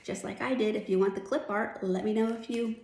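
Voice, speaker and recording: A woman's voice: medium pitch, steady tone, a little fast, gravelly, warm tone, slight background noise. Patient woman teaching phonics, echoey room. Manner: patient, demonstrative, models sounds. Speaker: reading teacher. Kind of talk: phonics lesson.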